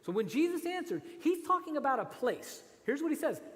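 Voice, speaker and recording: Brief: male pastor, lively swooping high voice, chatty sermon in a reverberant church hall. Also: fairly quick. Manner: animated, conversational, rhetorical asides.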